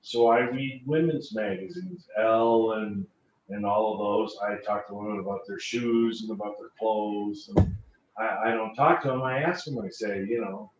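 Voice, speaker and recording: A man's voice: lowish voice, moderate pace. A man on a panel, telling sales stories and repeating phrases for emphasis, heard through a video call. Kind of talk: panel talk with anecdotes. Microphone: video call computer mic. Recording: echoey, distant, dull lo-fi call audio, faint hiss.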